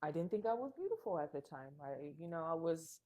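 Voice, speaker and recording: A young woman in casual podcast chat, candid and quick to laugh, swearing freely. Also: sits low, very animated, dark tone. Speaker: podcast guest.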